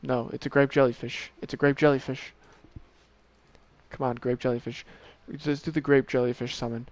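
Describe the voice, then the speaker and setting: A man streaming a video game, talking casually to himself and to the characters on screen, swearing often and getting worked up quickly. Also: medium pitch, steady tone, no echo. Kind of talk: casual gameplay commentary.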